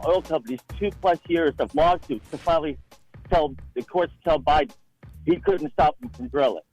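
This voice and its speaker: A man's voice: a little high, a little mellow, rough recording. A man calling in to a radio show with an aggrieved complaint. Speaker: radio caller. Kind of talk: call-in complaint.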